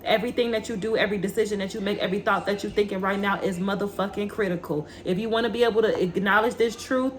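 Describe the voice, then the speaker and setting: A woman's voice: mid-range voice, fairly even intonation, fast talker, hardly any pauses. A woman gives a spiritual tarot reading, fiery and preachy, swearing freely. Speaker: tarot reader.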